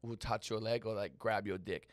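A man guesting on a podcast, talking bluntly and crudely and telling animated stories. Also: on the low side, normal speed, dry recording, studio quality. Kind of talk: casual interview chat.

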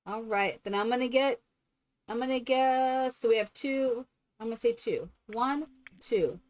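Higher-voiced woman doting on game characters. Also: a little slow. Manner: coos and coaxes game characters like a doting mother. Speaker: streamer. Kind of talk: casual live-stream gameplay chat.

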